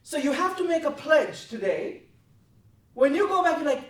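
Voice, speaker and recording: Heard from a distance in a roomy space, an intense, high-voiced woman running a trading desk confronts her traders with big pitch swings at a moderate pace. She mentors bluntly and profanely, demanding answers.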